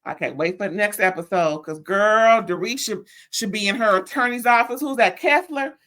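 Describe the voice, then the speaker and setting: Animated woman recapping reality TV. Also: medium pitch, normal speed. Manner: animated storytelling with playful impressions, southern slang. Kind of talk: casual recap chat.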